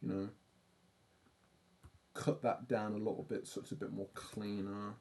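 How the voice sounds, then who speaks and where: A man's voice: fairly low pitch, level tone, unhurried, a little mellow. A young man with an English accent, chatting casually and rambling on a livestream while he draws, self-deprecating and swearing now and then. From England. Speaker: art streamer.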